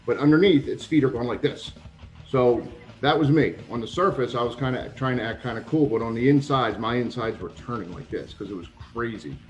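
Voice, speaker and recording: A man guest in a casual interview, telling lively anecdotes and acting out the people he quotes. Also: mid-range voice, brisk, dull audio. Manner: animated anecdotes, acts out quoted voices, swears. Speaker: retired pro wrestler, guest.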